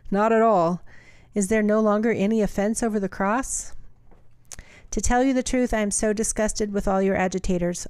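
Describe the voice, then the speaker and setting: A woman co-hosting a podcast, chatting casually and reading scripture aloud at a steady pace. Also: medium pitch, dry recording, studio quality. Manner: reads aloud steadily, laughs easily. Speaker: podcast co-host.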